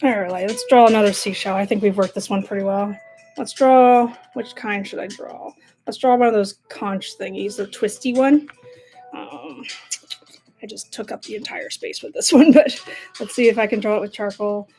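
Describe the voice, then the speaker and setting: A woman's voice: mid-range voice, moderate pace, mellow, faint music behind. A young adult woman chatting casually while she draws, self-mocking and laughing often. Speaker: art vlogger. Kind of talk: casual narration while drawing.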